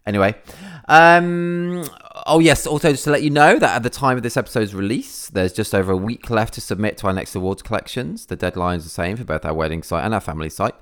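A man's voice: on the low side, fairly quick, fairly bright tone, clear, resonant tone. A man hosting a podcast from England, a wedding photographer ad-libbing in a casual, rambling way with lots of fillers. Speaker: podcast host.

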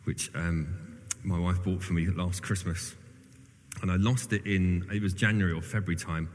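A clergyman preaching an informal sermon to his congregation, chatty and self-deprecating. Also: sits low. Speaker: church clergyman. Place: large reverberant church hall. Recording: long hall reverb.

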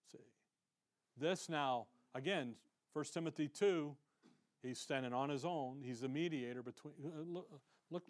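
Emphatic American preacher, slightly high voice. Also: male voice. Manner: emphatic, conversational preaching, loud when reading verses and quiet for asides. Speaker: pastor. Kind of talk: sermon with scripture reading.

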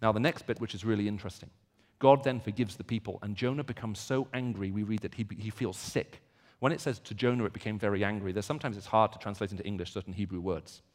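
A man's voice: lowish voice, fairly even intonation, fast, hardly any pauses. Man preaching in a reverberant hall. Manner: builds from quiet reflection to loud, emphatic repetition. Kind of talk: sermon.

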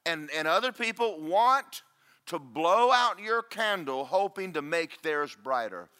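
Pastor, man, booming voice, bright and animated, joking at his own expense. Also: measured pace, clean tone. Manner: loud, booming preacher with self-deprecating humor. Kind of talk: sermon. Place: church.

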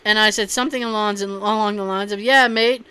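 A woman's voice: mid-range voice, fairly even intonation, fast, pushed and bright, clear, resonant tone, dry recording. A woman hosting a casual chat, reading posts aloud and reacting with loose, profane jokes. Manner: profane, laughing, loose and joking.

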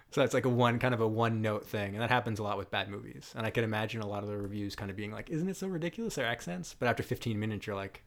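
A man with a slightly low voice chats casually about movies on a podcast. He rambles and gets animated, laughing often between his points. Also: fast. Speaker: podcast co-host.

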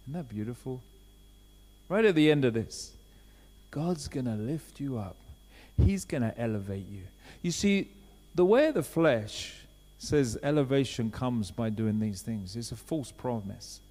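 A man preaching a sermon in a conversational way, swinging from quiet asides to loud urgent appeals. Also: medium pitch, lively intonation, a little slow. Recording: long hall reverb.

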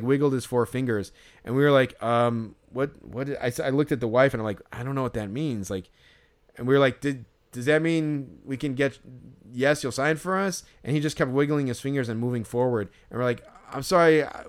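A male podcast co-host with a medium-pitched, clear and resonant voice tells a rambling, casual story. He swears a lot and says "like" constantly.

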